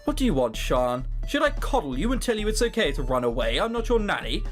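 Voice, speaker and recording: A woman doing a curt, weary young man, low and flat. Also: fast talker, soft background music. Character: tired, blunt young man.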